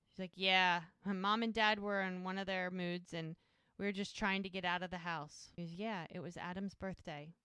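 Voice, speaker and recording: On a podcast she co-hosts, a woman recaps TV scenes in a relaxed way and performs the characters' dialogue. Her voice sits on the low side, a bit bright, clear and resonant, captured in studio quality without any room sound.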